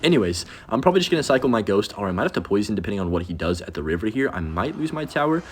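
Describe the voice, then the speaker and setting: A young man giving casual, rambling commentary over his own gameplay, self-deprecating and reacting quickly to each play. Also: fairly low pitch, sing-song, slight background noise. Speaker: gaming commentator.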